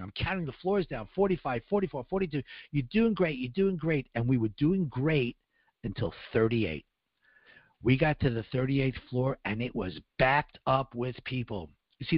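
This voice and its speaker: A radio guest with a mid-range voice tells of surviving an ordeal, speaking in the first person. Earnestly, he voices the other people involved, raising his voice for their dialogue. The audio is dry and dull.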